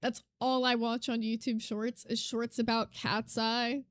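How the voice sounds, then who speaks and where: A woman's voice: on the high side, level tone, measured pace. A woman streamer talking casually to her chat while reacting to clips. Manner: chatty, reads chat aloud. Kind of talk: casual livestream commentary.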